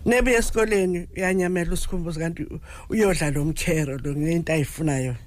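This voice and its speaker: An older woman recounts family stories at a relaxed pace. She breaks into soft chuckles as she speaks, telling her tales in Zulu. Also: lowish voice, fast talker, dry recording. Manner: storytelling, chuckling fondly. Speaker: grandmother of the guest. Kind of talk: interview conversation.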